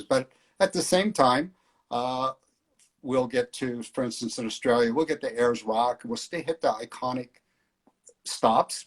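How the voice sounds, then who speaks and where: A middle-aged man organizing flying tours, chatting casually in an interview with many fillers. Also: medium pitch. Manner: relaxed storyteller, hesitant fillers.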